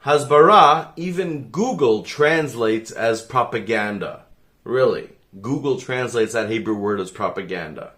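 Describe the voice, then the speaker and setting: A middle-aged man, a rabbi, speaking earnestly to the camera and explaining his points slowly, leaning on key words. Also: mid-range voice, animated, a bit bright. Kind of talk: direct-to-camera appeal.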